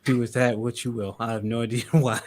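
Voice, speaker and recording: A man hosting a casual podcast chat, animated, swearing and laughing as he talks. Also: mid-range voice, fairly quick. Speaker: podcast host.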